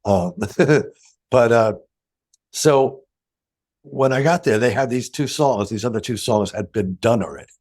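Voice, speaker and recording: A man's voice: mid-range voice, measured pace, long pauses, a little mellow. An older man, a guitarist guest, telling anecdotes in an interview, acting out quoted dialogue and laughing often. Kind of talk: storytelling interview.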